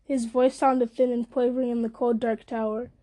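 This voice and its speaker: Woman, storybook reading, warm mellow tone, slightly high pitch, small restarts. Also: flat delivery, moderate pace. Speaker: reader. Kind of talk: reading a fantasy novel aloud.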